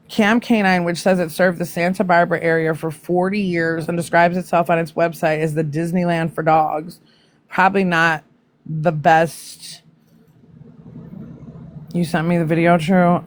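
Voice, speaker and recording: A woman's voice: fairly low pitch, slight background noise. A woman hosting a casual live stream, reacting to news with blunt, profane asides to her viewers.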